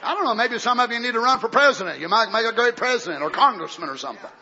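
Preacher, high and shouting. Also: male voice, lively intonation, racing, a faint crowd. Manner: preaching with shouted high outbursts and folksy asides. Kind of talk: sermon. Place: church. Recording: dull lo-fi recording with faint congregation.

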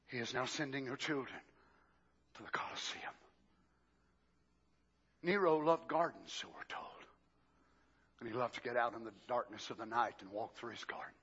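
An older man preaching a sermon. He swings from shouted, drawn-out exclamations to hushed, low passages. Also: slightly rough, lo-fi sound.

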